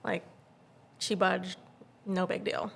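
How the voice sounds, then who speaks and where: A woman's voice: fairly low pitch, slow, creaky, a little hiss or hum. A woman in her thirties, co-hosting a podcast, telling a story in casual chat and acting out what other people said. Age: 30s. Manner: excitable storyteller who acts out other people's lines. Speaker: podcast co-host.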